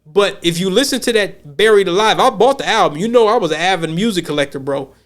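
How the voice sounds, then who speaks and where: Talking fast with lively intonation, this high-voiced podcast host from the United States rambles casually, often restarting and repeating words.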